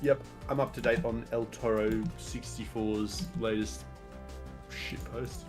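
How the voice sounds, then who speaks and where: A man's voice: lowish voice, fairly even intonation, slow pace, music in the background. A man chatting and teasing his friend on a casual livestream. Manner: dry, teasing banter.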